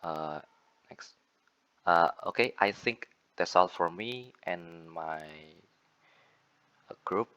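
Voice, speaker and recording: Young Indonesian-accented man, low voice, unhurried student presenter. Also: a bit bright, smooth, highs cut off. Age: young adult. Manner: repeats example words to show stress, with fillers and self-corrections. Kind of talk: class presentation on word stress.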